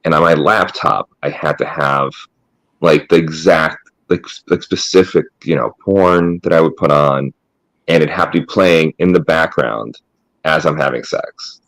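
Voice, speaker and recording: Male podcast co-host, very low voice, dry close sound, rambling and sarcastic. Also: unhurried, fairly bright tone, no room sound, poor audio. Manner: rambling, self-mocking, sarcastic. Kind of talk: casual podcast chat.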